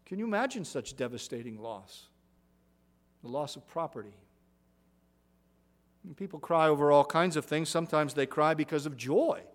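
A middle-aged man preaching a sermon in an earnest, measured way, often softening at the ends of phrases and restarting with an occasional "uh". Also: fairly high pitch, animated. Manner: repeats words and restarts with uh.

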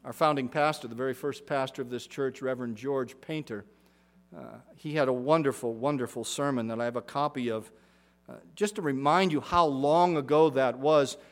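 A man's voice: medium pitch, normal speed. A middle-aged man, a pastor, preaching a sermon in an earnest, emphatic way, repeating phrases for weight.

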